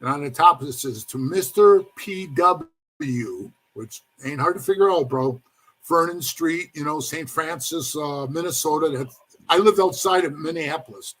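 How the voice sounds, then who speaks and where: A man with a husky, slightly high voice tells a rambling story in a casual interview. He keeps calling the listener "bro" and acts out the other people in the story in their own voices. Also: normal speed, a bit bright. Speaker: former motorcycle club member telling his story.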